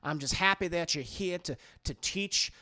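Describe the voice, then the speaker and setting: A man voicing a determined middle-aged mother who talks in a plain, brisk way. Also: sits high, bright, forceful tone. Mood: earnest.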